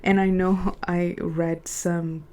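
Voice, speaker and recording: A woman's voice: lowish voice, little pitch movement, takes it slowly, darkish tone. A young woman chatting casually to camera about her planners, open and emotional, now and then dropping to a whisper. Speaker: planner unboxing vlogger.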